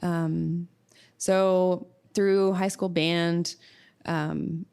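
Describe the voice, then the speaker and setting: A middle-aged woman from Oklahoma, a music professor and podcast guest, telling stories in a relaxed, reflective way, with many fillers and frequent laughs. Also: fairly low pitch, extremely slow, gravelly, clean tone. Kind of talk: casual interview storytelling.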